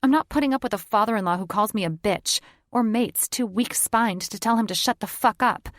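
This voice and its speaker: A woman's voice: a little high, a little fast, no echo, studio quality, pitched above the performer's own voice, natural voice. A woman voicing a fiery twenty-year-old shifter heroine who snaps angrily and speaks bluntly, in an audiobook. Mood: furious. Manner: angry, snapping, blunt.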